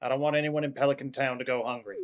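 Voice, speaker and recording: A man voicing a kind, generous male saloon keeper in a farming game, speaking softly. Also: mid-range voice, steady tone, very fast, dull audio, heavy background noise, natural voice.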